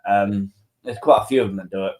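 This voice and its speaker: A man's voice: lowish voice, steady tone, fast, a little mellow. A man with a British accent, a caller in a casual livestream chat, easygoing and short-spoken.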